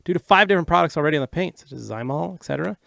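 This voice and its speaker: A man co-hosting a casual livestream Q&A, reading out viewer questions and explaining answers briskly and matter-of-factly. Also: on the high side, expressive, creaky, fairly bright tone.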